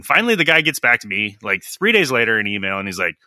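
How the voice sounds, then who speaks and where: A man's voice: mid-range voice, animated, fast talker, hardly any pauses, pushed and bright, no echo. Middle-aged guy ranting on a podcast, blunt, swears a lot, dry close mic. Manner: blunt, ranting, swears freely, acts out quoted exchanges. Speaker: podcast host, licensed tradesman. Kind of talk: casual podcast chat.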